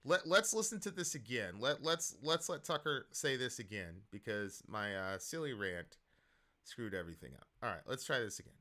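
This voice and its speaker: Bright-voiced man ranting on a stream. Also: medium pitch, lively intonation, moderate pace. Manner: loose, ranting, slangy, with sudden loud outbursts. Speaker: political stream host. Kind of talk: casual political commentary.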